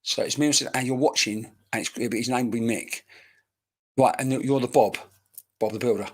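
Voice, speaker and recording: A man's voice: medium pitch, fairly even intonation, moderate pace. A man, working as a medium in a live-streamed reading, talking in a chatty, rambling way with casual banter and swearing, recorded on a webcam mic.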